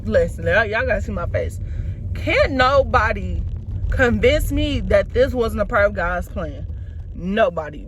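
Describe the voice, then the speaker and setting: A young woman vlogs from inside a car and talks straight to her viewers. She tells the story in a blunt, lively way and swears often. A faint vehicle hum stays under her voice. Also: mid-range voice. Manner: blunt, profane, animated storytelling. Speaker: vlogger. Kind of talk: casual talk to camera.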